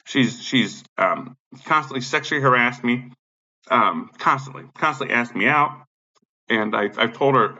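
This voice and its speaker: A man's voice: medium pitch, bright, forceful tone. A man in an angry, profane rant, agitated, repeating himself and swearing constantly. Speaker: vlogger. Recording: dull lo-fi sound.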